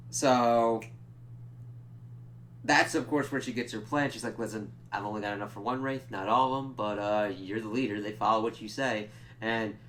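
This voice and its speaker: A man giving a casual, rambling episode review, swearing freely and slipping into quick character impressions. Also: medium pitch, fairly bright tone, a little hiss or hum. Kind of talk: casual spoken recap and review.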